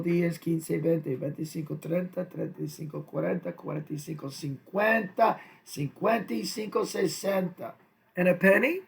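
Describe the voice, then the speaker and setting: A man's voice: high voice, vocal fry, fairly bright tone. A man teaching a recorded math lesson to second graders, chatty and playful, with jokey asides.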